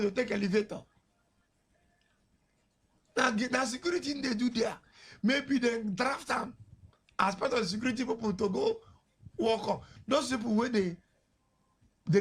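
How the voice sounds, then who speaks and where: A Nigerian man hosting a radio show, telling a story in a chatty way, mixing pidgin with English and laughing as he goes. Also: sits high. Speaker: radio host. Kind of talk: casual storytelling on air. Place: radio studio. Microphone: studio mic.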